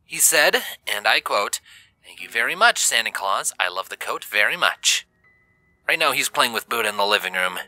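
A man voicing a caring young human father who talks gently and jokes warmly. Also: fairly low pitch, sing-song, normal speed, exaggerated voice, poor audio. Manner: gentle, joking and warm. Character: warm caring young adult human dad.

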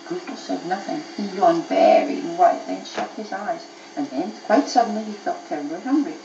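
A woman's voice: fairly low pitch, moderate pace, gravelly, few pauses, dark tone, roomy sound, muffled recording, slight background noise. A mother reading a bedtime story to her child aloud, telling it expressively, recorded on an old cassette tape.

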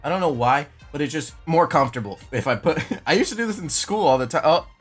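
Young guy gaming at home, a bit high and bouncy, music under him; wild reactions, laughs at himself. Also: fast talker, husky. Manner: excitable, shouts and laughs often, self-mocking. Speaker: gaming YouTuber. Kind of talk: excitable gameplay commentary. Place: home room.

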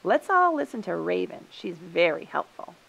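A woman voicing a vain, fussy male coyote in a storybook reading, talking in an excitable, raised way. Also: on the low side, normal speed, vocal fry, exaggerated voice, low-quality recording.

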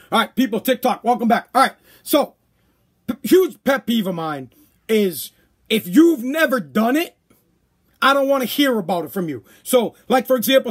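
A man rants on his podcast. His voice sits very high for a man, and he talks bluntly and profanely. The delivery is loose and casual. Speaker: podcast host. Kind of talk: casual ranting podcast monologue.

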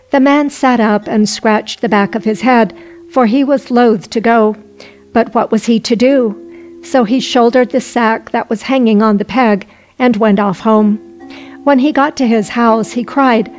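A woman narrating a folk tale in a slow, even-paced storybook reading. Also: fairly high pitch, rough recording. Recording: faint music underneath.

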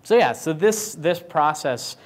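Joking casual man giving a keynote. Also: animated. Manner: casual and joking, acts out clients in quick high voices. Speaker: keynote speaker. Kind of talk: conference keynote talk. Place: conference stage.

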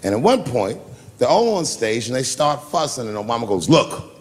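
A man's voice: mid-range voice, big pitch swings, brisk. A man doing stand-up comedy, telling a long story loosely and profanely and acting out the people in it. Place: live comedy stage.

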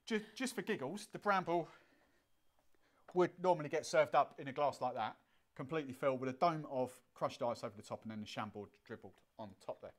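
A woman with a bass voice hosts a live cocktail show and instructs viewers, talking briskly in a casual live-stream chat. She jokes easily and laughs a lot.

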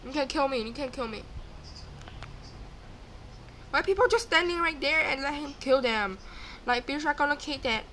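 A young woman with a high, bright voice narrates her game as she plays, excitable and chatty, talking back at the characters on screen. A faint hiss of game ambience sits under her voice. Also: fairly quick. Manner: excitable, screams and gasps, talks to game characters. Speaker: gaming YouTuber. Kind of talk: live gameplay commentary.

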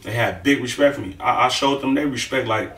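A man's voice: medium pitch, fairly quick. Profane man telling a story in an echoey room. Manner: profane, emphatic, animated with sound effects. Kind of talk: casual storytelling. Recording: echoey room, far from the mic.

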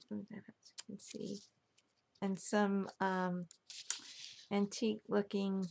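A woman's voice: medium pitch, creaky, a little hiss or hum. A woman casually showing off a handmade album she crafted, gushing over every detail. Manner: gushing, admiring each detail. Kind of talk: casual craft show-and-tell.

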